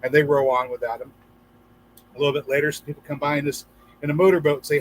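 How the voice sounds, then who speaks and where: A man with a slightly high, flat voice talks fast but pauses often while hosting a laid-back gardening livestream. He reads viewer comments, chats, and tells jokes using a few character voices, all on a rough recording with a little hiss or hum.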